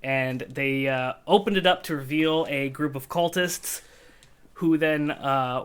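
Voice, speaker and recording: Slow, easygoing male game master. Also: on the high side, a bit bright. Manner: easygoing narration with frequent "uh" pauses. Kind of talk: narrating a tabletop game stream.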